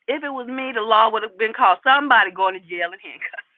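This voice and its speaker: Animated woman ranting over a tinny line. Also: a little high, fast, dry recording. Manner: animated, talks straight to viewers, lots of repeated emphasis. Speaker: commentary channel host. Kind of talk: casual opinion commentary. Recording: tinny phone-like sound, dry.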